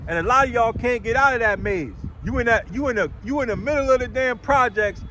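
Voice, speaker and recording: High-pitched guy street preaching outside, blunt and rough, keeps tagging "right?" and "man", a little street hum behind. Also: fairly quick, sharp tone. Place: outdoors on a city street.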